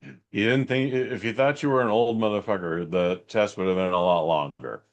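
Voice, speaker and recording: A man's voice: fairly low pitch, moderate pace, highs cut off. A middle-aged man co-hosting a podcast in laid-back, joking banter. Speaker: podcast co-host. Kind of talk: casual chat.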